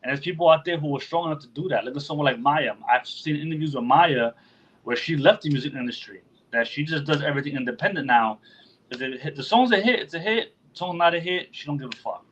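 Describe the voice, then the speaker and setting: A man's voice: on the high side, fast, a bit bright, muffled recording. A man hosting a podcast in casual chat, talking loosely and with plenty of swearing, often acting out what other people say. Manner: loose and profane, acts out quotes in other voices. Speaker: podcast host.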